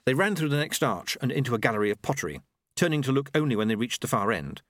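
A man narrating an audiobook with lively, expressive storytelling. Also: medium pitch, fast, no room sound, studio quality. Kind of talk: scripted narration.

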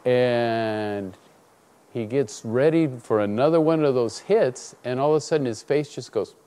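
A man's voice: medium pitch, measured pace, clean tone. A man preaching a sermon, telling a personal story and acting out the dialogue in it. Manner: animated storytelling, acts out dialogue.

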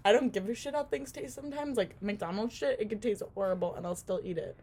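A woman's voice: medium pitch, quick pace, slight background noise. A young woman co-hosting a podcast in casual chat, cracking dry jokes about herself. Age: young adult. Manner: joking, deadpan self-mockery, lively. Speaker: podcast co-host.

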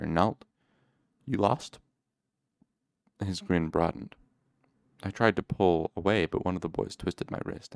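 A man reading a novel aloud in the first person, with measured, steady storytelling. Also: sits low, gravelly, clear, resonant tone, dry recording, clean studio sound. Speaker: audiobook reader.

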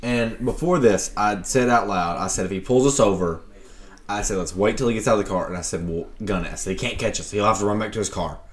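A young man, co-hosting a casual chat and telling an animated story, acting out quotes and laughing often. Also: fairly low pitch, fast talker. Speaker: podcast co-host.

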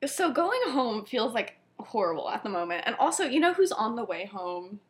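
Giggly high-voiced young woman. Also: very animated, normal speed. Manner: giggly, filler-heavy, acts out quoted lines. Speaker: podcast co-host. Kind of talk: casual storytelling chat.

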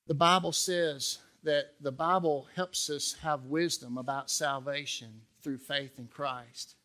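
A man's voice: fairly high pitch, fairly even intonation, slow pace, bright, forceful tone. A middle-aged pastor preaching an earnest, emphatic sermon in a church, asking his listeners questions. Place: church sanctuary.

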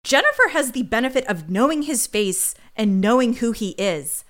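A woman's voice: a little high, very animated, moderate pace, a bit bright. Indignant woman podcast co-host. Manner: indignant, opinionated commentary. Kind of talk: casual recap chat.

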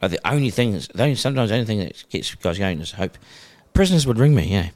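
A middle-aged New Zealand man, a broadcaster, telling stories in a casual, animated way and acting out phone calls. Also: on the low side, fast. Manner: animated, acts out phone calls in character voices. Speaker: broadcaster guest. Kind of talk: casual storytelling.

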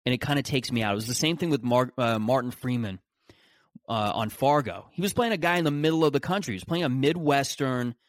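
A man's voice: mid-range voice, fast talker, dry recording, studio quality. A man hosting a podcast in a casual solo monologue, rambling and sarcastic, with frequent restarts. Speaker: podcast host.

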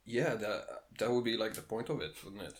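A young man from England with a deep, warm, low voice co-hosts a casual comedy podcast. He delivers dry, deadpan quips in an unhurried way. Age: young adult. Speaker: podcast co-host.

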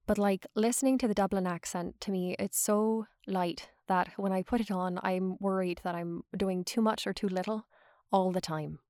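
A woman's voice: mid-range voice, steady tone, normal speed, warm tone, dry recording, studio quality. A young adult woman from Georgia, a voice actor, talking in a chatty, rambling way with lots of "like" and frequent laughs. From Georgia, USA. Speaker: voice actor guest. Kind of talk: casual podcast conversation.

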